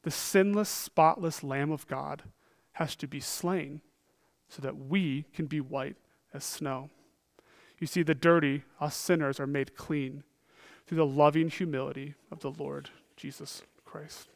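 A man's voice: on the high side, fairly even intonation, a little slow, vocal fry. Earnest man preaching a sermon. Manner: earnest, frequent rhetorical "right?", shifts between emphatic and hushed.

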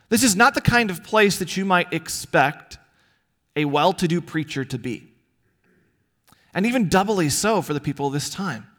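A male pastor delivering a sermon in a fairly high, very animated voice that rises and falls widely. He preaches earnestly, leaning on rhetorical questions and pauses. His delivery swings between quiet emphasis and bright emphatic peaks.

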